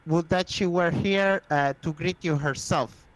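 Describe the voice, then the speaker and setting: A man's voice: on the high side, a little slow, dry recording, close to an everyday voice, rough recording. A man voicing a formal, courteous female shapeshifting assassin in a tabletop game, speaking urgently. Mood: urgent courtesy.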